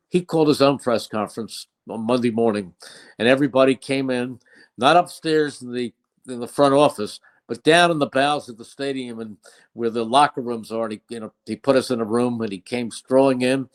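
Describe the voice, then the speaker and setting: An older man, a veteran broadcaster, telling fond anecdotes in an interview with emphatic, storytelling delivery. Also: medium pitch. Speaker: play-by-play broadcaster.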